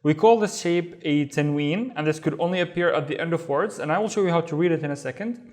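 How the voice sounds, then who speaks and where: A man's voice: fairly high pitch, quick pace, darkish tone. A man with a Saudi accent teaching a beginner Arabic reading lesson, patiently sounding out and repeating words. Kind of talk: step-by-step language lesson.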